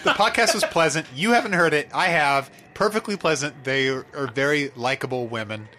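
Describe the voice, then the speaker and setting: A man's voice: on the high side, brisk, slight background noise. A young man co-hosting a casual podcast, joking and swearing, on a studio mic. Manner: joking, animated, swears freely. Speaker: podcast co-host.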